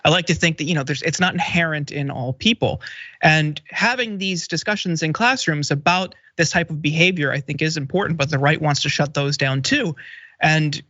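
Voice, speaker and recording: A man co-hosting a political talk show, speaking in a measured, thoughtful way with frequent fillers. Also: fairly high pitch, sharp tone, no echo, muffled recording. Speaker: co-host. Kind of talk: political commentary.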